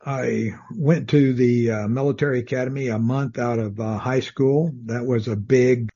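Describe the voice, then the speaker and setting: Calm, soothing older man, husky. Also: mid-range voice, normal speed, highs cut off. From South Texas. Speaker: guest, retired Army officer. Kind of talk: casual interview.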